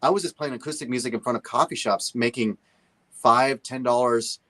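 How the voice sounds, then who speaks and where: A man's voice: medium pitch, a little fast. A man guesting on a talk show, casually telling stories and acting out other people's voices. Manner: animated, acts out the voices of others. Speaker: guest musician. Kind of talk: casual storytelling.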